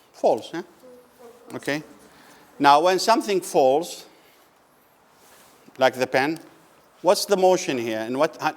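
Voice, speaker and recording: In a lecture room, a physics lecturer with a slightly high voice gives a classroom lecture at a slow, questioning pace. He poses questions to the class, answers them himself, and repeats key words slowly.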